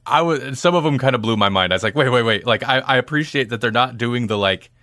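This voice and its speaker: A man's voice: medium pitch, quick pace, dry recording, clean studio sound. A man co-hosting a podcast, chatting casually and animatedly about films. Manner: chatty, animated, laughs often. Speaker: podcast co-host. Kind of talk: casual movie review chat.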